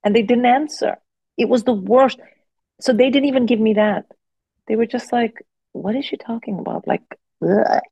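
A woman in her forties, a guest comedian telling animated stories in casual podcast chat. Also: on the high side, normal speed, husky, no room sound, low-quality recording. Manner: animated, expressive anecdotes with frequent restarts.

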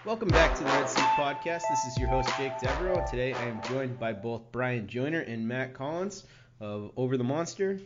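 A man's voice: mid-range voice, animated, moderate pace, over loud music. A man hosting a casual sports podcast, rambling with many fillers. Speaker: podcast host. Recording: dull lo-fi podcast audio.

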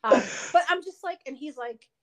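Woman co-host, lively and profane storyteller, casual chat. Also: high-pitched, moderate pace, crowd noise. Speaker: podcast co-host.

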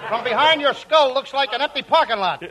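A comedian playing a brash, wisecracking young man in a 1940s radio comedy, firing off quick insults and gags. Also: very high-pitched. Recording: noisy old radio transcription.

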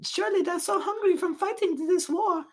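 A man putting on a deliberately bad French accent to voice a flirty French woman in a jokey high falsetto.

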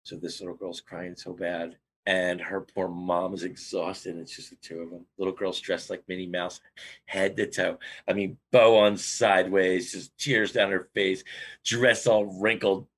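A man with a low, gravelly, husky voice tells a personal story as a podcast guest. He is animated, and his pitch jumps high at the exciting moments. He laughs often as he talks. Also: unhurried. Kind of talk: storytelling interview.

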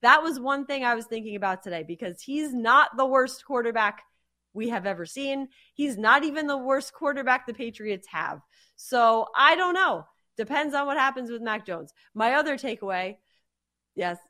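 On the same football-and-betting podcast, this female co-host talks at a normal speed in a slightly high voice. Her manner is chatty and lively, with easy laughter.

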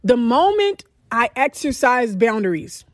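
A woman's voice: on the high side, very animated, measured pace, dry recording, clean studio sound. Blunt, profane woman podcast host. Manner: blunt and profane, with emphatic repeated phrases. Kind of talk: candid storytelling monologue.

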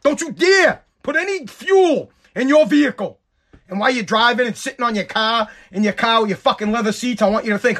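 Podcast host, male, high-pitched voice worn hoarse, heated profane rant. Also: lively intonation, a little fast, fairly bright tone. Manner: heated, profane, repetitive ranting. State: hoarse, voice nearly gone. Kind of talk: ranting podcast monologue.

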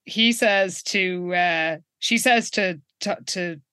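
A woman's voice: lowish voice, slow, pushed and bright, smooth, no room sound. A woman co-hosting a podcast, recapping a TV episode in casual chat and acting out the characters' lines. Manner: recaps scenes, acts out quoted lines.

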